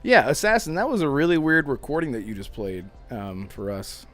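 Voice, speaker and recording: An excitable man chatting casually on a gaming podcast stream, his voice bouncing a lot in pitch. He gushes over small donations with mock grandeur. Faint background music plays. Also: brisk. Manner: excitable, exaggerated super chat thank-yous. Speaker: podcast host. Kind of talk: casual gaming chat, livestream.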